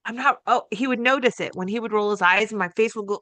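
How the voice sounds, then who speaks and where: A middle-aged woman co-hosting a podcast, telling a family story in an expressive, emphatic way and laughing easily. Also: on the high side, fast talker, few pauses, dry recording. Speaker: podcast co-host. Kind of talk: casual conversational podcast talk.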